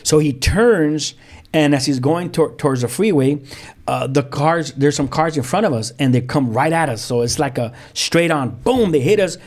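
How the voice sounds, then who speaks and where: A man, a pastor telling his own story as a guest in lively, vivid storytelling with street slang and sound effects. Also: a little high, moderate pace. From South Central Los Angeles. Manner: frequent restarts, street slang. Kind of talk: animated storytelling.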